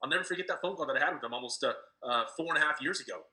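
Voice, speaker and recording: A man with a bright, slightly high voice rushes through his story, tripping over fillers and restarts. He sounds excited and crisp-edged, talking fast. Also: rough recording. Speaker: interviewee, team leader. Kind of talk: casual storytelling.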